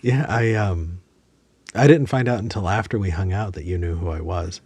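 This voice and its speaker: A man's voice: low voice, normal speed, a little mellow, breathy edge, no room sound. A man hosting a podcast, talking reflectively and searching for words with frequent restarts. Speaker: podcast host. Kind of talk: casual conversation.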